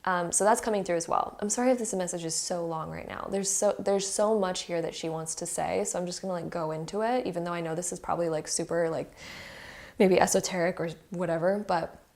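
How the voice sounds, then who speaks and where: A woman's voice: lowish voice, steady tone, a little fast, gravelly, a little mellow. A woman giving an intuitive tarot card reading straight to her viewers, earnest and emotional, talking in a chatty way full of "like" fillers.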